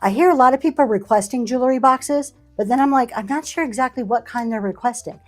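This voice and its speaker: Woman, live-stream reseller, slightly high voice, casual running chatter over faint music. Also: fast talker. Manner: chatty, thanks buyers by name. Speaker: live auction seller. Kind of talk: live selling stream chat.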